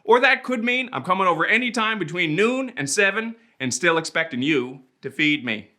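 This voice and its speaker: A man's voice: high-pitched, animated, moderate pace, pushed and bright. A man with a Prince Edward Island accent, delivering a playful, rhythmic comic spoken-word monologue. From Prince Edward Island, Canada.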